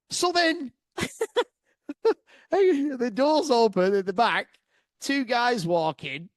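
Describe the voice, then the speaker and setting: A man telling a sweary comic travel story to his listeners, excitable, laughing often and swearing freely. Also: sits high, dry recording. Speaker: podcast storyteller.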